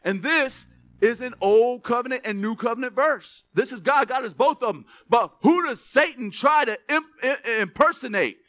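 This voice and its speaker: A man preaching a sermon as pastor, reading verses slowly with emphasis, then dropping into quick asides to the church. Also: very high voice. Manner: animated, stretches scripture words for emphasis, drops to asides.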